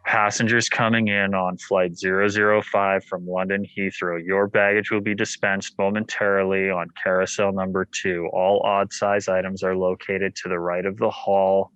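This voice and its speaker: A lifeless airport announcer, as a man mimics him, drones in a low, flat monotone. Every word sounds dutiful and bored, on a dry, close sound. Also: moderate pace, few pauses, clear, resonant tone, no room sound, lo-fi sound.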